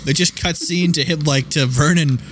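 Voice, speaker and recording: A man's voice: a little high, normal speed, noisy background. Casual man, full of "like". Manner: casual, filler-heavy, incredulous. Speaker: podcast co-host. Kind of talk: casual chat.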